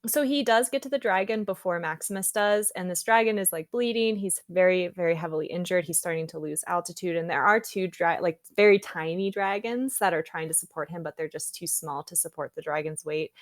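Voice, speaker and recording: A woman's voice: on the low side, a little fast, few pauses, no room sound, clean studio sound. A young woman co-hosting a podcast, eagerly retelling a book's scenes in casual chat full of fillers. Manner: animated retelling with many fillers. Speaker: podcast co-host. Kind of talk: casual book discussion.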